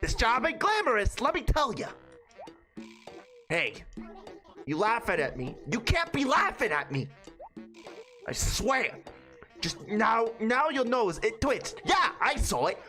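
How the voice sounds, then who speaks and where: Woman doing a gruff, scolding male mole. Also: a little high, very animated, takes it slowly, long pauses, sharp tone, faint music behind, full character voice. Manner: gruff lecturing tough-guy drawl. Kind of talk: reading game dialogue aloud in character.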